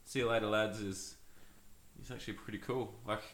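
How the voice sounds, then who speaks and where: A man's voice: lowish voice, fairly even intonation, brisk, a bit bright, reverberant. A man co-hosting a podcast, chatting casually, laughing often and trailing off into fillers. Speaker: podcast co-host. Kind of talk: casual chat.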